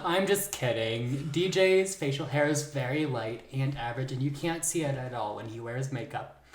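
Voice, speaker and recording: A man hosting a casual podcast, teasing his co-host and switching into a theatrical storytelling voice. His voice sits at an average pitch. The room around him is noticeably echoey. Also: moderate pace. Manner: playful, teasing, theatrical narration. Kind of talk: casual chat with dramatic storytelling.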